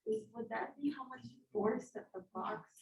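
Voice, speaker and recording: A woman's voice: high-pitched, normal speed, gravelly. A female student asking tentative questions during a lecture. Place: classroom. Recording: distant, echoey classroom.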